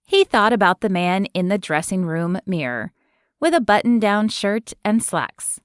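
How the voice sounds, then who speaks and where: Woman, audiobook narration, expressive, lively intonation, dry recording. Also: mid-range voice, a little slow, clear, resonant tone, dry recording. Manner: expressive, even storytelling.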